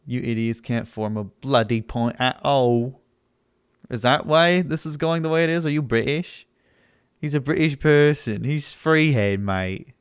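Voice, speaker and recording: A man's voice: mid-range voice, unhurried, smooth, no room sound, clean studio sound. A young man streaming, arguing with his chat in a sarcastic, argumentative way and laughing often. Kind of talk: casual livestream chat.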